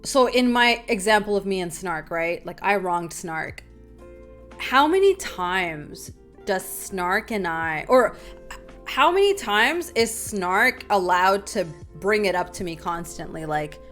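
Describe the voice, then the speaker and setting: A young adult woman hosting a casual group talk, telling a personal story with lively, animated delivery and calling listeners "y'all". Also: medium pitch, takes it slowly, soft background music. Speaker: talk show host.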